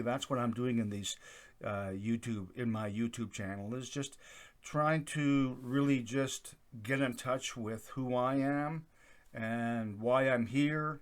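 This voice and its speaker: Loud, rambling man hosting his channel. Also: mid-range voice, slow. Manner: loud, projecting voice with frequent "uh" fillers. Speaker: YouTube channel host. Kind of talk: casual rambling monologue. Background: accordion folk music playing faintly.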